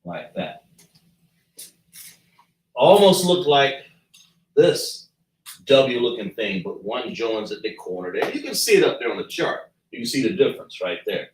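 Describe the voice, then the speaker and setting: A man teaching a slow lesson at a chart, patiently breaking down and repeating sounds as he writes them out. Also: medium pitch, big pitch swings, recorded from a distance. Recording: echoey room, voice from afar.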